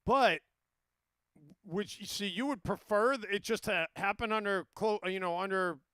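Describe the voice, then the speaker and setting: A man hosts a sports talk radio show, chatting casually and often restarting his sentences. His voice sits high and sounds bright. It is recorded dry and close at a studio mic. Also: unhurried, smooth, no echo. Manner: rambling, self-interrupting, many restarts.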